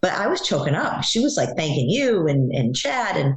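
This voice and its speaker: A woman guest on a podcast roundtable, telling stories in an animated, gushing way. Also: lowish voice, moderate pace, reverberant, rough recording. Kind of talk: casual roundtable chat.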